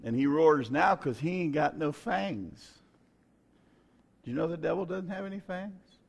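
A male pastor preaching a sermon, moving between quiet storytelling and loud, shouted preaching. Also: fairly high pitch, expressive, unhurried, vocal fry, husky.

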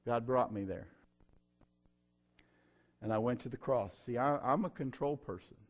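A middle-aged man, preaching his own testimony in a folksy, emphatic way with sudden loud bursts. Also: mid-range voice, unhurried, dull audio, soft background music. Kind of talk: sermon testimony.

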